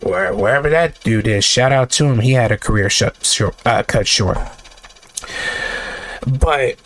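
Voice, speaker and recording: A man's voice: mid-range voice, unhurried, a bit bright. A man delivering a heated sports rant to camera, exasperated and sarcastic, with blunt outbursts. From United States. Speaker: sports vlogger.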